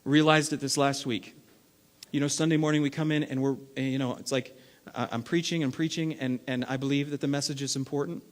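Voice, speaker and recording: A man preaching a sermon as lead pastor, acting out everyday scenes and swinging between loud bursts and hushed stretches. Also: medium pitch, steady tone, a little fast. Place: church sanctuary. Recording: long reverb of a large hall.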